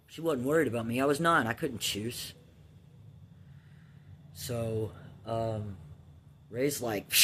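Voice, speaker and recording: A man's voice: mid-range voice, unhurried, long pauses. Candid man rambling through his story. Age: 30s. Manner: candid, rambling, profane, with restarts and filler ums. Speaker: vlogger telling his life story. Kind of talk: casual personal storytelling.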